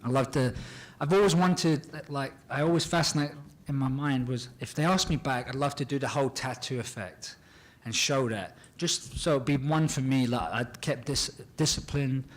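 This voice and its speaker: A man answering fan questions at a convention panel, animated and excitable, often acting out scenes and laughing as he talks. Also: mid-range voice, moderate pace, hardly any pauses. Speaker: actor guest at a fan panel. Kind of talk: casual panel Q and A.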